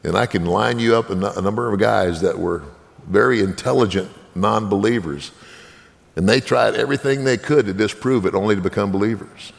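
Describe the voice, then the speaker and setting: A man's voice: lowish voice, brisk, gravelly, big-room sound. A man giving an earnest sermon testimony as a minister, appealing directly to his listeners.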